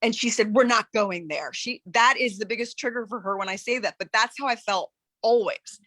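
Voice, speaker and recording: A woman on a live coaching call, talking in an earnest, searching way with many halting restarts. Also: fairly high pitch, steady tone, pushed and bright, no room sound. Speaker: coaching client.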